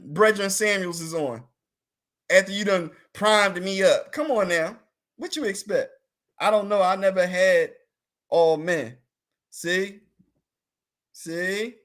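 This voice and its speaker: A man's voice: high voice, fairly bright tone. A man chatting casually on a talk show, playful and teasing, laughing often and drawing out words for emphasis. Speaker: talk show guest answering live comments. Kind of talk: casual comedic chat.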